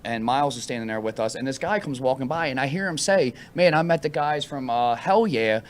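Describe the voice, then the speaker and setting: A man in a band, telling a story casually and acting out what people said. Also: medium pitch. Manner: animated, quick storyteller who acts out quotes. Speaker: band member guest. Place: venue room with crowd behind.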